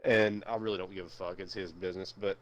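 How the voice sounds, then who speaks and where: A man's voice: low-pitched, level tone, quick pace, fairly bright tone. A young man streaming, telling a long story in casual chat, rambling and swearing with lots of fillers. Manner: rambling, profane, many fillers.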